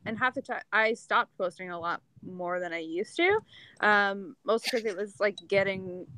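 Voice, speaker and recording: A woman's voice: mid-range voice, normal speed, sharp tone, dry recording, low-quality recording. A woman with a Canadian accent, a podcast guest chatting casually, full of "like" fillers. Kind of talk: casual chat.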